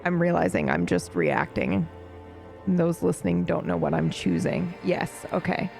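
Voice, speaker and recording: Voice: mid-range voice, sing-song, unhurried, vocal fry, a little mellow. A streamer chatting casually through a game playthrough, reacting and swearing casually, talking to viewers. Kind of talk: casual let's play commentary. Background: faint game music.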